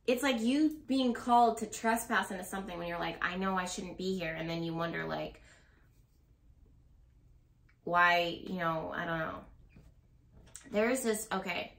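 A woman with a mid-range, fairly bright voice gives her viewers a casual tarot reading. She rambles and speaks bluntly, swearing now and then and laughing nervously. The recording has a roomy echo.

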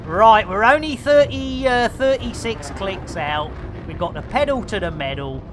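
A man's voice: sits high, lively intonation, measured pace, background noise. A man streaming a space game, chatting and joking as he plays, with a rambling manner and lots of fillers. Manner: jokey, rambling banter with many fillers. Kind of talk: casual gameplay commentary.

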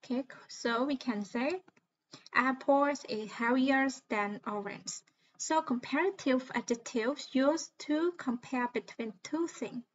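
A woman's voice: high voice, slow, slight background noise. A woman from Cambodia with a Khmer accent, a native Khmer speaker, teaching English grammar in a recorded lesson and explaining patiently step by step, spelling out letters. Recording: slightly muffled lo-fi recording.

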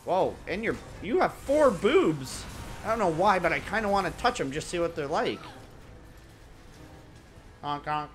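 A man's voice: sits high, big pitch swings, unhurried, pauses often, faint music behind. A young man giving casual, joking let's-play commentary, laughing often and mimicking characters. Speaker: gaming commentator.

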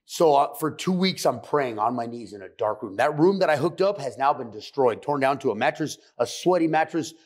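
A man's voice: mid-range voice, animated. A middle-aged man telling his addiction recovery story on a podcast, blunt and profane. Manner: blunt, profane, fast and intense. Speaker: guest sharing recovery story.

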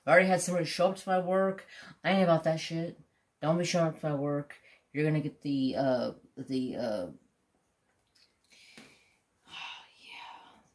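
A middle-aged man who runs a craft channel rambles bluntly while diamond painting, swearing freely as he chats. His voice is on the high side and unhurried, with frequent pauses.

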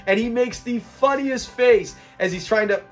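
A young man with a fairly high voice chats through a sitcom episode at home. He is excitable and laughs often while he retells the scenes, and faint music plays quietly behind him. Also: moderate pace. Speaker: show reviewer. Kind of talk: casual episode breakdown.

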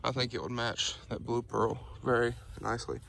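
There's a little background noise as a man with a medium-pitched voice and some vocal fry reviews his truck hitch outdoors at a moderate pace. He's relaxed and rambly, leaning on "um" and "y'all."

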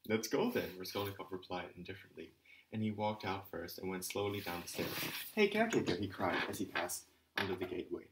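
A man's voice: deep voice, level tone, brisk, a bit bright, a little hiss or hum, low-quality recording. A man narrating an audiobook, reading steadily with occasional stumbles and restarts. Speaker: audiobook reader.

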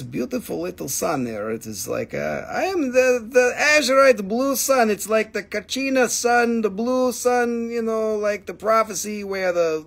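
A male host selling minerals on a live stream. He is excitable and playful and reels off prices and stock numbers. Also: sits high, gravelly. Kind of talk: live sales stream, casual chat.

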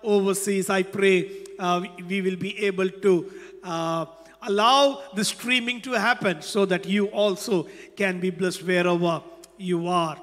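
Male pastor, slow hesitant sermon, high bright voice, long hall reverb. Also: fairly even intonation. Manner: slow, hesitant, many fillers. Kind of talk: sermon with storytelling. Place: church without congregation.

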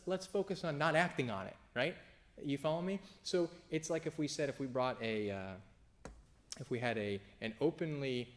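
A man, a pastor, giving an informal sermon, often restarting phrases and jumping into sudden emphatic high bursts. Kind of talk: conversational sermon.

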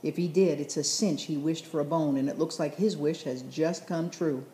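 An eager young boy speaks earnestly, as a woman reads his part. Her tone stays low and mellow. A roomy echo hangs on the recording. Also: steady tone, moderate pace, slight background noise, lightly acted.

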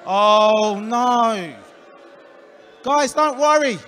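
A man with an Essex accent doing a stand-up comedy set, delivering deadpan punchlines and working the crowd. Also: extremely high pitch, extremely slow. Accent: Essex English. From England. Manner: deadpan punchlines, crowd work, puts on voices for quoted people. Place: comedy club stage before a live audience. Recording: live club room with long reverb.

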